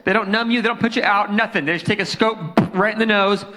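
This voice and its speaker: A young male youth pastor tells a story from the pulpit in a relaxed, joking sermon, his voice sitting a little high for a man. He talks into a handheld microphone, and the sound rings with long reverb through the church sanctuary. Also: fast. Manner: casual storytelling, animated and joking.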